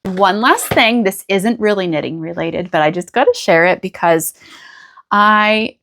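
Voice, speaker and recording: An American woman hosts her own knitting podcast in a relaxed, chatty way. She gushes and rambles, restarting her sentences as she goes. Her voice sits at a middling pitch. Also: unhurried, a little hiss or hum. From United States. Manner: chatty and gushing, with small restarts and laughs. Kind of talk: casual chat to camera.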